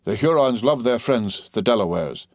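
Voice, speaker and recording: A man voicing a crafty, persuasive male war chief who speaks in slow, measured, flattering oratory. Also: mid-range voice, no room sound, clean studio sound, lightly acted.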